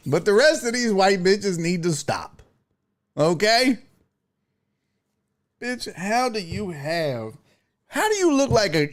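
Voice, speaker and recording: A man hosting a casual live-stream talk show, reading chat messages and riffing with profanity and laughter. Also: fairly high pitch.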